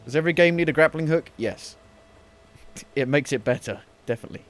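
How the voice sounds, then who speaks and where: A man's voice: a little high, fairly quick, soft background music. A man streaming a video game, joking and chatting as he plays, talking into a headset. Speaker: gaming streamer. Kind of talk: let's play commentary.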